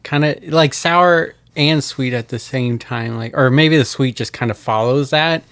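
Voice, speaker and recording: Gravelly-voiced male podcast co-host. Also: medium pitch, measured pace, a bit bright, no echo. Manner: agreeable, chuckles often, short backchannels. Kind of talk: casual chat tasting a drink.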